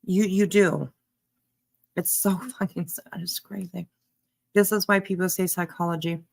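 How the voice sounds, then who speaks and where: Low-voiced woman giving blunt commentary. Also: fairly even intonation, measured pace, gravelly, a little mellow. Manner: blunt, emphatic, talks back at the clip. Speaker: commentary streamer. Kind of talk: live reaction commentary.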